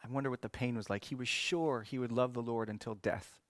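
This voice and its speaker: A man preaching a sermon in an earnest way that swings from emphatic to hushed. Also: medium pitch, fairly even intonation, brisk, dry recording, clean studio sound.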